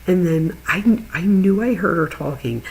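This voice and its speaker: A middle-aged woman and channel host, chatting casually with viewers and telling an animated story, laughing as she goes. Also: on the low side, measured pace, rough recording. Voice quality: gravelly, husky. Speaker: true crime channel host.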